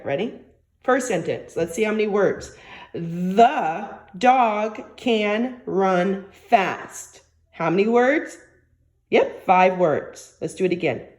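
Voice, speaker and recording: A woman teacher talks a young child through a phonics lesson at an unhurried pace, stretching each word out as she dictates. She repeats sentences patiently and keeps her instructions simple and encouraging, in a voice of ordinary pitch. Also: a little mellow.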